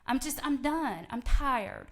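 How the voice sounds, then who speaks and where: A woman's voice: high voice, lively intonation, slow, a bit bright. A middle-aged woman giving an angry, emphatic public comment as a resident.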